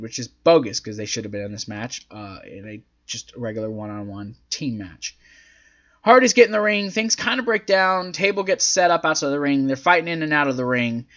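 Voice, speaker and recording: A man's voice: fairly high pitch, bright, forceful tone. A man hosting a casual recap, rambling along with lots of fillers as he retells events. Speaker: host. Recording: dull lo-fi audio.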